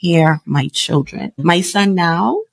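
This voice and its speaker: A woman's voice: lowish voice, takes it slowly, gravelly, no echo. A middle-aged woman, a podcast guest telling her story in an earnest, reflective way. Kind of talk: casual conversation.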